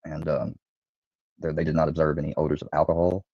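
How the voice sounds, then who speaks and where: A man's voice: very deep voice, level tone, quick pace, no echo. A man hesitantly recounting events, with many ums and restarts, heard from a dull played clip.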